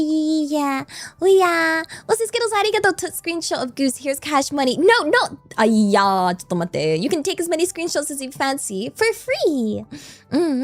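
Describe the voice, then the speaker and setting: A woman's voice: high voice, no echo. A playful, giggly woman with a West Country English accent, chatting casually with her live-stream audience. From England. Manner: playful, giggly, thanks chat in Japanese.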